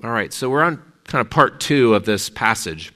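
A man's voice: medium pitch, animated, moderate pace, sharp tone. A middle-aged man, a pastor, giving a conversational sermon, telling stories from his week. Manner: conversational, storytelling.

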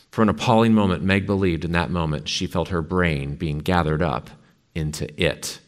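A man's voice: low voice, normal speed. A male preacher giving a sermon, telling and reading a story in an emphatic, dramatic way.

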